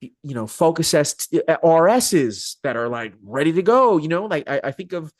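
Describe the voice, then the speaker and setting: A man's voice: a little high, moderate pace, no echo, clean studio sound. Joking, slangy male podcast host. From Arizona. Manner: animated, joking, slangy storyteller. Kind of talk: casual interview chat.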